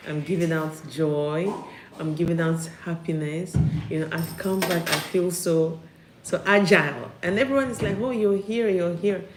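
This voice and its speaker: A woman giving a live-streamed motivational talk from home, upbeat and repeating key phrases for emphasis. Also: low voice. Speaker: motivational speaker. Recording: roomy echo, faint background noise.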